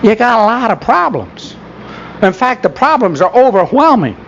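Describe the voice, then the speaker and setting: Guy lecturing in a church, high lively voice, sarcastic and folksy, dull old tape. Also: normal speed, a little hiss or hum. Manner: folksy, sarcastic, rhetorical questions. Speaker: speaker.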